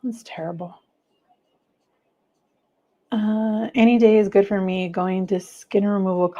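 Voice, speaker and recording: A woman's voice: mid-range voice, fairly even intonation, measured pace, pauses often, lo-fi sound. Chatty woman hosting a livestream. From United States. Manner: chatty, gushing, many fillers, reads viewer comments aloud. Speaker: livestream host. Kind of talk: casual livestream chat.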